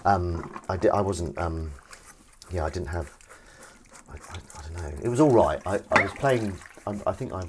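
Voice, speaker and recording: A deep-voiced man talks at normal speed in a very noisy recording. While washing up on a live stream, he chats to his viewers, rambling and teasing them, backed by running water and dish clatter.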